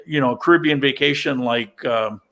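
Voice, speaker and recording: A man from upstate New York hosting a casual livestream chat, talking in a halting way with many restarts and fillers. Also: mid-range voice, creaky, a bit bright. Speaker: livestream host.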